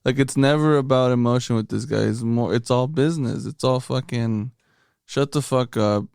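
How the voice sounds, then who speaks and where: A man with a mid-range, smooth voice chimes in on a podcast, laid-back and blunt, with some swearing. The mic is close and the sound is dry. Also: mid-range voice, moderate pace, a little mellow, no room sound. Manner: laid-back, swears, many short agreements. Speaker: podcast co-host. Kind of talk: casual movie-review chat.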